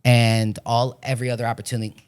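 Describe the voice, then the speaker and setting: A man in his forties from Florida, an actor talking as a podcast guest in a casual, animated way, swearing often as he tells stories. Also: medium pitch, fast talker, clear, resonant tone. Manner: profane, animated storytelling with frequent swearing. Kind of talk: casual chat.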